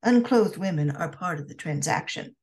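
A woman's voice: fairly low pitch, expressive, normal speed, darkish tone. A woman reading a cocky, goading merchant man. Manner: goading, blunt.

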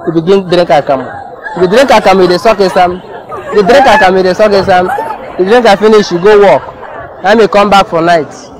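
A man telling a comic story in an animated, playful way, with a Nigerian Pidgin English accent. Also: high voice, a little fast, crowd noise, noisy background.

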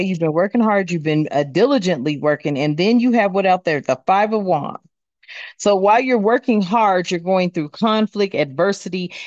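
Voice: mid-range voice, darkish tone, no echo. A tarot reader giving a casual card reading, talking bluntly with plenty of swearing and rambling fillers.

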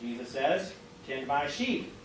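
Recorded on a distant mic in a roomy church classroom with faint hiss, a Midwestern pastor teaches an interactive Bible study. His mid-range voice is sing-song, and he takes his time. He talks conversationally, with lots of fillers and questions aimed at the group.

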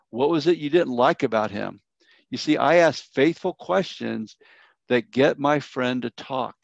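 A middle-aged man, teaching a grief workshop as a church elder. He tells his story earnestly, with a gravelly edge, and often sinks into a soft, low tone. The sound is dry and a little muffled. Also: dry recording. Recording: slightly dull, dry sound.

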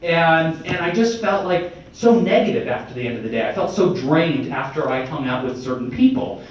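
A man in his twenties giving an energetic, conversational motivational speech to students as a state representative, often checking in with "right?". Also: a little high, moderate pace, distant mic, a little hiss or hum. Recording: echoey hall, mic from afar, dull.

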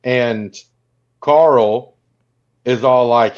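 A man's voice: medium pitch, darkish tone. A man co-hosting a podcast, casually recapping a film and acting out its lines. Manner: retells scenes acting out lines in quick voices. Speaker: podcast co-host. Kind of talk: casual movie recap chat. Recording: dull lo-fi sound.

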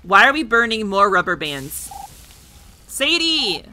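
A chatty woman streamer playing a game with excitable commentary. Her voice is bright and lively, and she talks straight to the characters. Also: medium pitch, slow, rough recording. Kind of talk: casual playthrough commentary.

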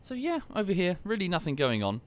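A man casually commenting on a live game stream and explaining history at length in a relaxed, wry way. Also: high-pitched, fast talker.

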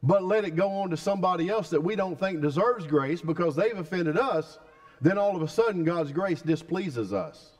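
Male pastor, sermon, emphatic, asks the congregation questions, fairly high voice. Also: animated, moderate pace, darkish tone.

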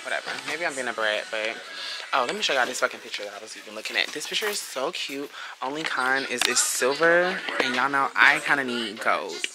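A woman's voice: a bass voice, expressive, brisk, music in the background. A young woman vlogging on her phone in casual chat, blunt and full of profanity as she talks through her day. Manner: chatty, blunt and heavily profane. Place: apartment, then out shopping. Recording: echoey with background noise.

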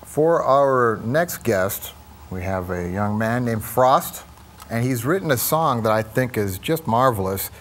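Man, talk show host, halting delivery, mid-pitched voice, faint noise behind. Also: expressive. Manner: rambling, halting, stumbles over words. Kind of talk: casual talk show chat.

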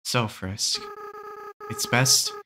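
Soft, tearful young goat-monster boy, slow and gentle, from a game, read by a man. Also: medium pitch, wildly swooping pitch, slight background noise, full character voice. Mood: sad. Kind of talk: reading game dialogue aloud.

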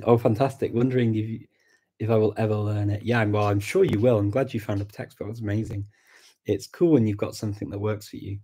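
Male language coach on a live stream. Low, mellow, slightly husky voice. Explanatory, conversational delivery. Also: steady tone, fast talker. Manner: thoughtful and explanatory, reads out comments and reacts warmly. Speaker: language-learning coach hosting a live chat. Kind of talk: casual live-stream chat answering viewer questions.

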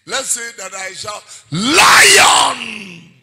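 A man preaching a sermon with a Ghanaian accent, shouting out warnings and switching between Twi and English. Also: a little high, moderate pace, gravelly, rough recording. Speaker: prophet preaching.

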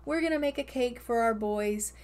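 A woman's voice: fairly high pitch, moderate pace, darkish tone, a little hiss or hum. A woman narrating her life-simulation gameplay in a chatty, upbeat way, stretching and repeating words for emphasis. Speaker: gaming video host.

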